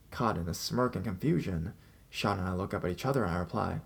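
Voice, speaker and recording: A man reading a first-person horror story aloud, telling it in an expressive way with small restarts. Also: low-pitched, fast, creaky, husky.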